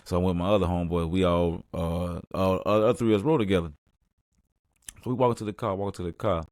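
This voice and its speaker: Fast and steady-toned, a young podcast host tells a story casually, relaxed and constantly saying "man." He goes loud and high when acting it out, in clean studio sound with no room noise.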